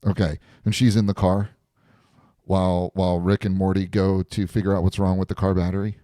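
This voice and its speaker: A man's voice: sits low, flat delivery, brisk, mellow, dry recording, studio quality. A man hosting a live stream chat, animatedly retelling a story and laughing often.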